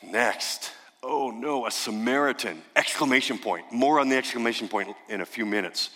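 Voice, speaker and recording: A man preaching a sermon, telling a story emphatically and dropping to a hush for dramatic effect. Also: medium pitch, normal speed. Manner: dramatic, emphatic storytelling with sudden hushed drops. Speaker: pastor. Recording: long reverb of a large hall.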